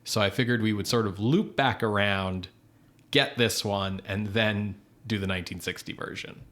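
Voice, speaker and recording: A man's voice: fairly low pitch, steady tone, normal speed, a bit bright. A man co-hosting a podcast in casual chat, explaining things in a rambling, hesitant way. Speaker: podcast co-host.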